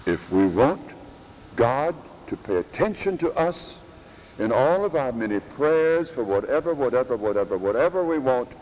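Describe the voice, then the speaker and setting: A preacher delivers a sermon slowly and deliberately, his darkish voice swinging widely in pitch as he leans on key words and repeats phrases for emphasis. A long church-hall reverb surrounds him, with faint background noise.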